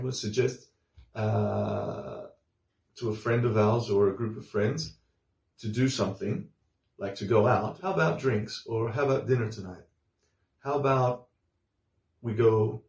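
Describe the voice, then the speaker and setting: A man teaching a casual English lesson, explaining slowly with many fillers and restarts and repeating example phrases. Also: fairly low pitch, a little mellow, echoey room.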